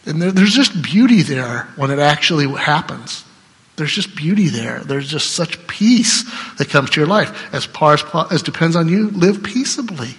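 A man's voice: a little high, expressive, moderate pace, fairly bright tone. A man preaching a sermon to his church in a conversational way. He often checks in with the congregation and laughs between points. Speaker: pastor. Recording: long reverb of a church hall.

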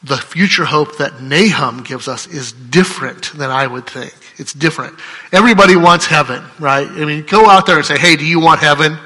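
A man's voice: on the high side, normal speed, sharp tone, husky. A man preaching a sermon as pastor, speaking conversationally and often checking in with "right?". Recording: long hall reverb.

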